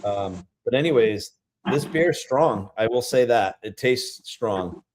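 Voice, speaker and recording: A man's voice: mid-range voice, lively intonation, a little slow, a little mellow, slight background noise. A man with a Rhode Island accent hosting a casual beer-tasting livestream, rambling chattily with lots of fillers.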